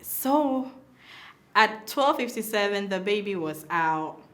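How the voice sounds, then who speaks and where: A young woman telling a personal story in a casual way, acting out the voices of the people she quotes. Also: takes it slowly. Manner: animated, acts out quoted dialogue with big pitch swings. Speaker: mother telling her birth story.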